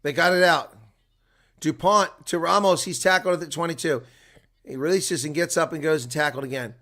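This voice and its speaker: A man giving live rugby play-by-play commentary, moving from relaxed asides to excited calls. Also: fairly high pitch, normal speed. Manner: swings from quiet asides to loud excited calls; chuckles and chats with viewers between plays.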